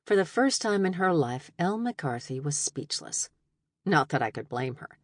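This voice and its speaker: A woman narrating a first-person audiobook in an expressive, wry storytelling manner. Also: low-pitched, normal speed, no room sound. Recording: dry studio narration.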